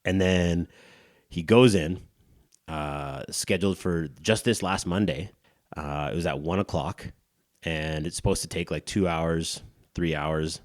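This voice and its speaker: A man's voice: sits low, measured pace, dry recording, clean studio sound. A man in his thirties telling a long, rambling story on a podcast, mocking himself and swearing freely. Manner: rambling, self-mocking storyteller with crude humor. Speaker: podcast co-host. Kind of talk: casual storytelling chat.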